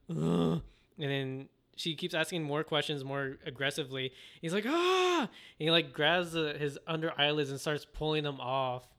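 A man's voice: mid-range voice, sharp tone, smooth. A man co-hosting a podcast, casually retelling an anime episode in a rambling way and acting out the characters' lines. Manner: rambling storyteller, acts out quoted voices. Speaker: podcast co-host. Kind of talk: casual anime recap chat.

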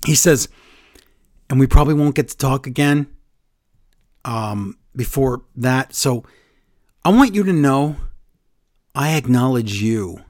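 A man's voice: mid-range voice, measured pace, pauses often, no room sound, studio quality. A man co-hosting a casual podcast chat, recapping wrestling and acting out the quotes in different voices. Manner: animated, acts out quotes with voice changes.

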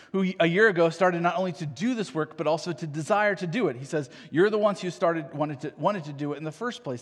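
Higher-voiced male pastor in a reverberant hall. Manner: conversational, frequent "right?" asides, restarts. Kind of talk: sermon.

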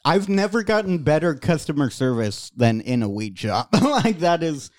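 A man's voice: big pitch swings, normal speed, no echo, studio quality. A young man co-hosting a casual podcast, laughing often and joking. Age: young adult. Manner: laughs a lot, jokey, does squeaky mock voices. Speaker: podcast co-host. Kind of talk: casual chat.

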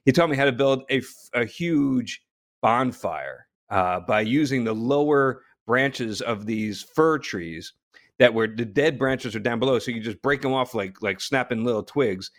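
A man from New Jersey spins a long, lively anecdote, often stumbling over restarts and breaking into laughter. His voice sits at an ordinary middle pitch. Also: measured pace. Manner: animated, frequent restarts and laughter. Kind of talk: casual storytelling.

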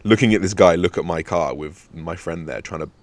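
A young man with a very deep voice hosts his podcast, spinning a sweary, animated anecdote. The sound is dry and close, with no room around it. He jumps into acted-out bits of dialogue as he goes. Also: brisk, no echo. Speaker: podcast host. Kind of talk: casual storytelling monologue.

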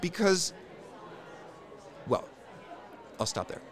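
A man's voice: sits high, very animated, very slow, a faint crowd. A man appearing as a therapist guest on a podcast, speaking with blunt, emphatic conviction. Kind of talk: casual interview.

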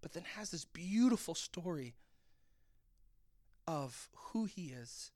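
A man's voice: a little high, animated, slow pace, dark tone, dry recording, studio quality. A man reading scripture aloud and explaining it in an earnest, reflective way, as a pastor giving a Bible talk.

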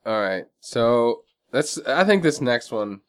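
A married man co-hosting a casual beer-tasting podcast, laid-back and telling dry deadpan jokes. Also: medium pitch, takes it slowly, smooth. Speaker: podcast co-host. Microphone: studio microphone.

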